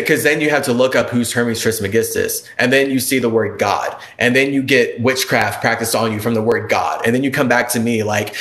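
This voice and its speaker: A man holds forth on a spiritual live stream in a casual, rambling way, looping back over the same points with emphatic, quickening bursts. His voice sits at an ordinary middle pitch. The sound carries a roomy echo around it. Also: fairly bright tone. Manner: rambling, repetitive, emphatic preaching with speeding bursts.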